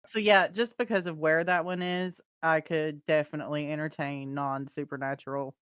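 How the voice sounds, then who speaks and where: A woman co-hosts a podcast, chatting loosely and reacting quickly. Her voice is low for a woman. The sound is dry and close, with no room echo. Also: fairly even intonation, clean tone. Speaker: podcast co-host. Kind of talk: casual chat.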